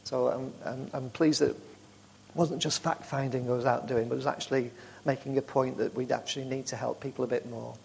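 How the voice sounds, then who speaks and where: A man speaking to a church group, telling warm, rambling stories with frequent restarts. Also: mid-range voice, steady tone, brisk, creaky, a little hiss or hum. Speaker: charity speaker.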